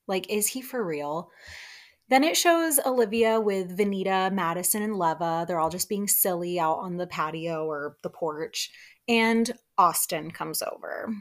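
A young woman hosts a casual chat recap, talking in a friendly, gossipy way. She is animated and often puts on other people's voices to replay what they said. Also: fairly low pitch, measured pace. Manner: chatty and animated, acts out quotes in put-on voices. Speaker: podcast host recapping reality TV.

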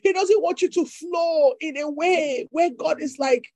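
A woman's voice: high voice, a little slow, mellow, no echo, poor audio. A woman preacher delivering a fervent sermon with repeated declarations.

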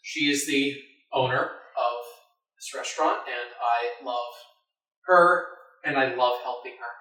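A player introducing and playing a character in a tabletop game, hesitant and halting. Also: mid-range voice, pushed and bright. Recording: echoey room, far from mic.

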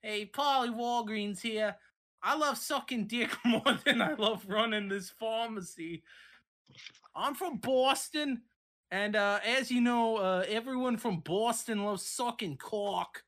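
A man improvising a crude pharmacy-owner pitchman in a commercial, his drifting between Boston and Australian as he rambles and stumbles. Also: slow, a bit bright. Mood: hammy pitch. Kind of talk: improvised comedy bit.

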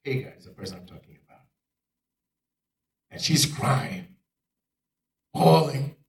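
Dramatic preacher with roomy echo. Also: male voice, mid-range voice, animated, a little slow, vocal fry, slight background noise. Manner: dramatic, swings from loud exclamations to near-whispers. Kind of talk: sermon. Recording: echoey room, picked up from far off.

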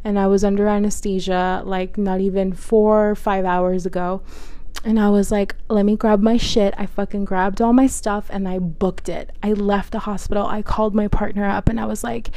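Woman doing a storytime vlog, mellow voice, says like a lot and swears, dry close sound. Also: mid-range voice, level tone, moderate pace, dry recording. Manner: chatty, heavy filler "like", frequent swearing, addresses viewers directly. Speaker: vlogger telling a personal story. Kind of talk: casual storytime monologue.

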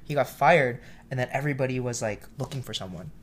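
A man who works as a cook is telling a story in a relaxed interview, and he has a voice of average pitch. He acts out the people in his story and sometimes shouts their lines. Faint room ambience sits behind him. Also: fast, slight background noise. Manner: animated storyteller, acts out quotes loudly; self-described shy.

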